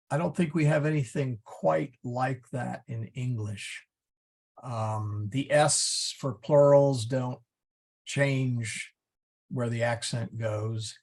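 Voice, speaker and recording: Middle-aged guy teaching latin, slow and halting, husky gravelly voice. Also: mid-range voice, fairly bright tone. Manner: halting, many fillers and restarts, chuckles often. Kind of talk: class lesson.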